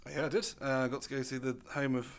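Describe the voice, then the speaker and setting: A middle-aged English man with a British accent, co-hosting a podcast in casual chat and telling stories with lively asides. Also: medium pitch. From England. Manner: quick, chatty storyteller, acts out voices. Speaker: podcast co-host.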